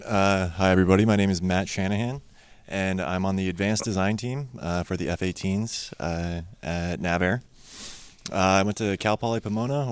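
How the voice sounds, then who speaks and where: A man engineer introducing himself plainly, halting with frequent fillers. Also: low-pitched, clean tone, no room sound. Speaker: engineer mentor. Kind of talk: self-introduction at an event.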